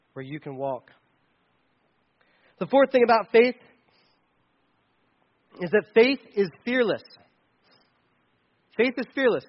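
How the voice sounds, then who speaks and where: A man preaching a sermon in a conversational, animated way, with playful asides. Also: high-pitched, dull audio. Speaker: pastor.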